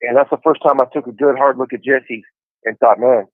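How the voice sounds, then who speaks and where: Over a phone handset on a tinny prison line, a man in his forties calls a podcast and chats casually, relating his story easygoingly and saying "you know" often. His medium pitch stays fairly even and his pace is brisk. The recording is dry.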